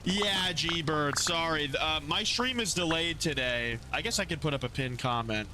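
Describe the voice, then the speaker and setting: A man's voice: a little high, normal speed, background noise. A young man streaming a game, chatting casually with his viewers, answering chat and often trailing off mid-sentence. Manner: animated, reads out and answers chat, trails off and restarts. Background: music.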